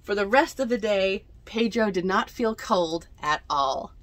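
A woman librarian reading a picture book aloud to children in an expressive, animated storytime voice, from a library bookmobile. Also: medium pitch, unhurried.

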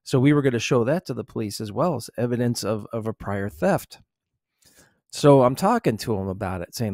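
Hesitant man telling a true story softly. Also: medium pitch, expressive, moderate pace, no echo, clean studio sound. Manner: hesitant, many fillers and repeated words. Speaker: former store loss prevention officer. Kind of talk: ASMR true-story narration.

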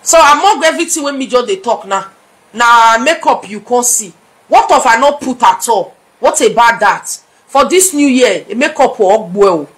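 A woman's voice: fairly high pitch, animated, moderate pace, a bit bright. A middle-aged woman with a Nigerian accent, talking to her audience in a casual vlog and scolding them in a chatty mix of Pidgin and English. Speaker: blogger.

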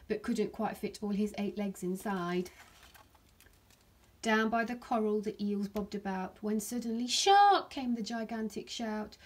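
A woman, a primary school teacher, reading a rhyming picture book aloud to her class in a gentle storytelling manner. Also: mid-range voice.

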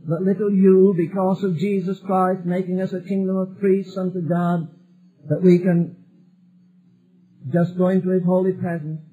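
A man's voice: high voice, flat delivery, normal speed, husky, phone-quality sound. A male preacher delivering a sermon emphatically, building repeated phrases toward a climax.

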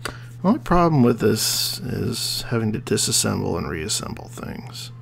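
A man giving casual commentary on his gameplay, excitable and laughing often as he cheers his machine on. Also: lowish voice, moderate pace, creaky, slight background noise. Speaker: gamer. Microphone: desk USB microphone.

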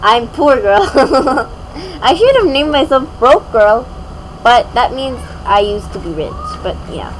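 A woman's voice: high voice, expressive, takes it slowly, a little hiss or hum, poor audio. A young woman giving casual gameplay commentary as a gaming YouTuber, rambling and giggly with many fillers.

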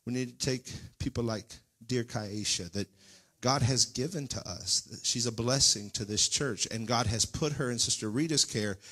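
Preaching Pentecostal-style in a church sanctuary, this man speaks directly and folksily to his congregation, his fervor sometimes swelling into near-singing cries. His mid-range voice is fairly bright and slightly rough.

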